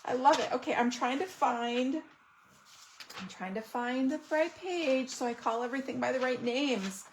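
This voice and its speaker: A woman's voice: high-pitched, unhurried, slight background noise, low-quality recording. A woman showing off craft products in a casual unboxing video, gushing and chatty. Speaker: stamping demonstrator.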